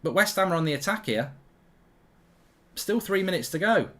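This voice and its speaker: A middle-aged man hosts a live football watchalong, ranting excitably and repeating himself as the match plays out. His voice is high and his pace moderate.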